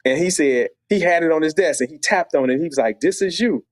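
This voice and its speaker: A middle-aged man from Chicago telling a story as a podcast guest, animated and acting out voices. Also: on the high side, fast, no echo. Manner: animated, acts out quoted voices.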